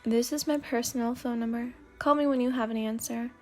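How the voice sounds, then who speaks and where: A woman's voice: on the high side, steady tone, a little fast, close to an everyday voice. A woman voicing an aloof, proud teenage boy in a whispered role-play, speaking curtly and composedly with a teasing edge. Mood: cool.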